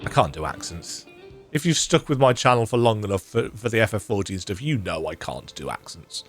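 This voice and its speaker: A man's voice: on the low side, big pitch swings, a little fast, faint music behind. A man with a strained, tired voice giving rambling, self-deprecating commentary while playing a story game. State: strained, worn-out voice. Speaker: game streamer. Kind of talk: casual let's-play commentary.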